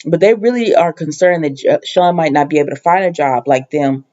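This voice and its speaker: A woman casually recapping a TV episode, her voice warm and mellow. She rambles through it with frequent ums, false starts and the occasional exasperated aside. The sound is a bit dull and lo-fi. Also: deep voice, fairly quick. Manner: rambling, full of ums and restarts; conversational, sometimes exasperated asides. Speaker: TV recap host.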